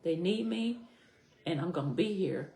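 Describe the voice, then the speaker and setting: A middle-aged woman with a very low, deep voice tells her own story as a podcast guest. She speaks earnestly and from the heart, repeating key phrases for weight. The sound has a noticeable echo from the room. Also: expressive, moderate pace, gravelly, dark tone. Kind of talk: personal story in a podcast interview. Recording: echoey room.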